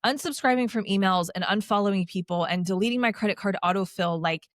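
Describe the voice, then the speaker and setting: A woman's voice: mid-range voice, fast, no echo. Chatty woman on a dry podcast mic. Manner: chatty, heavy use of "like", animated with sarcastic asides. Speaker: podcast guest. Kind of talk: casual conversational storytelling.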